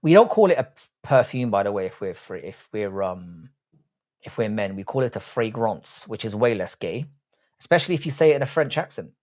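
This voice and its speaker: Crude, joking livestream host. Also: male voice, on the low side, very animated, fairly quick, a little mellow. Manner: crude, joking banter, swears freely. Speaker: livestream host reading chat. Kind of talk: casual live chat.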